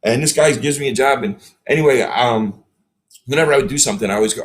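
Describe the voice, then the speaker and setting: A man's voice: mid-range voice, fast talker. A man, a podcast guest telling stories in casual chat and acting out the people he quotes. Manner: animated storyteller, acts out quotes.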